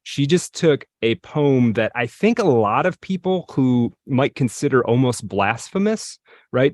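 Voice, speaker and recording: A man's voice: medium pitch, lively intonation, a little mellow, no room sound. Dry, close-miked man explaining poetry. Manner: lecturing, reads verse slowly, clears throat often. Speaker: podcast co-host. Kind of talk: casual chat, reading poems aloud.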